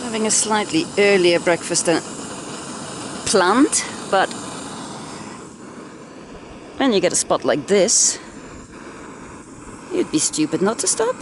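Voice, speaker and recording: A woman's voice: mid-range voice, sing-song, measured pace, long pauses, background noise. Chatty woman vlogging on a mountain trail. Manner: chatty, laughs often. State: cold from icy water. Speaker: hiking vlogger. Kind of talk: casual trail vlog narration.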